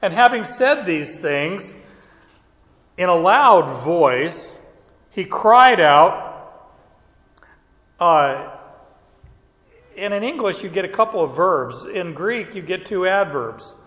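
A man teaching from the Bible in a relaxed, conversational way, often chuckling between points. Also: high-pitched, slow pace, pauses often. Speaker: preacher. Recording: echoey hall reverb.

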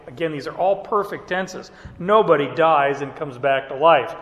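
A man teaching from the Bible in a relaxed, conversational way, often chuckling between points. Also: on the high side, moderate pace, few pauses, highs cut off. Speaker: preacher. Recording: echoey hall reverb.

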